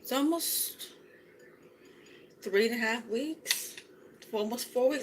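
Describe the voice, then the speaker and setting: A woman's voice: fairly high pitch, slow pace, a little hiss or hum, poor audio. A woman vlogger chatting casually as she eats breakfast at home, often humming "mm" between her words. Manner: chatty, savoring food aloud with frequent mm sounds. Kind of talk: casual chat while eating.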